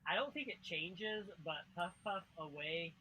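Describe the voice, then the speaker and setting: Young guy co-hosting, super bright voice, lots of uhs and restarts. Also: sits high, expressive, unhurried, a little hiss or hum, rough recording. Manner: hesitant, filler-heavy, self-correcting. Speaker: livestream co-host. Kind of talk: casual gameplay chat.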